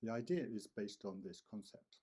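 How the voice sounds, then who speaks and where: Low, mellow-voiced man teaching writing. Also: lively intonation, breathy edge. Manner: deliberate, repeats and emphasizes key words. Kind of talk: instructional talk to camera.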